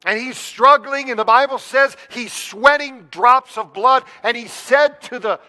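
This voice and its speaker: High, bright-voiced preacher in a reverberant church. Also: male voice, measured pace. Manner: earnest, questioning the congregation directly. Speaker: pastor. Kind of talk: sermon. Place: church sanctuary.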